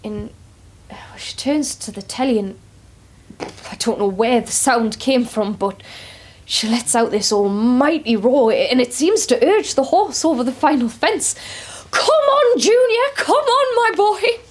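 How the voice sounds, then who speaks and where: A woman, performing a dramatic monologue as a care worker who shifts between quiet asides and excited outbursts. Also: fairly high pitch, unhurried.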